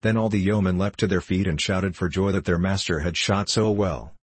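A man reading a storybook aloud in a measured, even manner. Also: deep voice, husky. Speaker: audiobook narrator.

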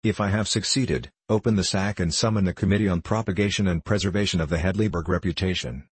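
A man voicing a scornful, vengeful male stranger in a measured, contemptuous audiobook reading. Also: deep voice, breathy edge, no room sound.

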